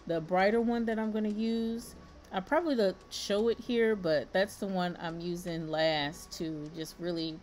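A woman's voice: fairly low pitch, darkish tone. A middle-aged woman, chatting casually through a makeup tutorial and laughing often. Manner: chatty, laughs often, addresses viewers as y'all. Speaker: beauty vlogger.

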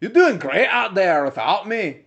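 A man putting on a Scottish accent to sing a pop song as a loud, cheerful Scottish man, with high, drawn-out shouting. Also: big pitch swings, dull audio, exaggerated voice. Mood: exuberant singing.

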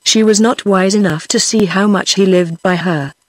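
A text-to-speech woman's voice with a British English accent, reading a novel aloud in a steady, even manner. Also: mid-range voice, moderate pace, dry recording. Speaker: audiobook narrator.

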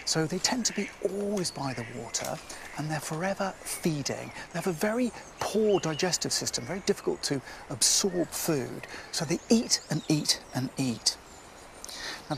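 Man, wildlife TV presenter, outdoors by a river, animated, gravelly, eager explainer. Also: a little high, noisy background. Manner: enthusiastic, explanatory, sometimes hushed. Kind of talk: outdoor nature presenting to camera.

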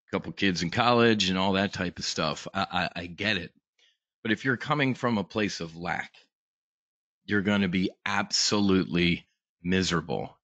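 Low-voiced man hosting a rambling trading talk. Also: fairly bright tone, no room sound, dull audio. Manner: rambling, many fillers and restarts, blunt and profane. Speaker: host of a live trading brief. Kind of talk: casual live market talk.

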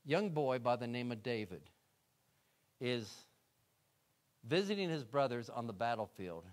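A man preaching a sermon as a guest, telling Bible stories in a folksy way and swinging between loud and hushed delivery. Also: mid-range voice, animated, a little slow. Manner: folksy storytelling, acts out voices in retold scenes; swings from loud to soft, drops to a hush.

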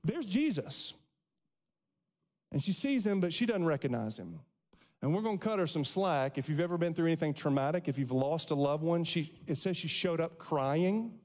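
A man pastor preaching a sermon, animated, acting out the quotes from scripture. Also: fairly high pitch. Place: church sanctuary. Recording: long hall reverb.

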